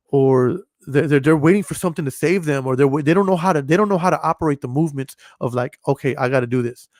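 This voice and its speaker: A man's voice: a little high, a little mellow, dry recording, studio quality. A man hosting a podcast and talking casually, blunt and profane, rambling with frequent restarts. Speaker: podcast host. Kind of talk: casual chat.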